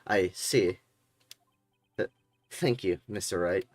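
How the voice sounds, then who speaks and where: A man voicing a proud young male prosecutor who talks in a stiff, halting, reserved way. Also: deep voice.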